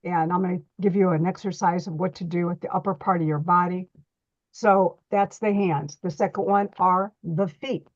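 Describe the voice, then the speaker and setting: Middle-aged woman, reflexology instructor, chatty and repetitive, slightly dull lo-fi audio. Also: lowish voice. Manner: chatty, repeats words, restarts often. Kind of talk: online workshop teaching.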